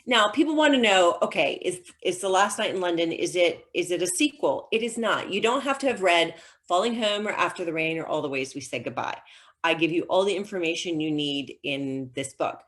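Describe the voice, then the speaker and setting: Middle-aged lady writer, kinda low voice, chatty, lots of ums, video call. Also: animated, brisk, fairly bright tone. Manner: chatty storyteller with frequent ums and restarts. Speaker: novelist, guest author. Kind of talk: casual conversational interview.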